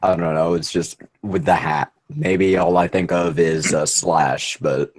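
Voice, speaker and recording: A man's voice: low-pitched, fairly even intonation, measured pace, darkish tone. A man co-hosting a casual online stream chat, talking while chewing food. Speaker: stream co-host.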